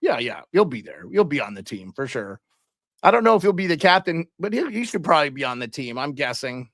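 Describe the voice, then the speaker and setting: A man's voice: fairly high pitch, big pitch swings, brisk, a bit bright, no room sound, clean studio sound. A man hosting a casual live hockey stream, chatting loosely and calling out viewers and their locations. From Canada.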